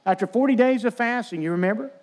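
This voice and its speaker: High-voiced man preaching a sermon. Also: fast, darkish tone. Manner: earnest preaching, quoting scripture, acting out taunts.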